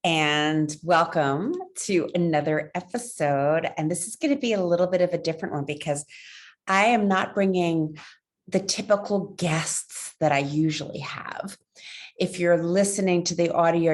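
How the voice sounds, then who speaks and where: A middle-aged woman, a love coach, hosting a casual talk to camera in a playful, animated way. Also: low voice. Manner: playful and animated, acts out voices with puppets. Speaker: love coach and show host.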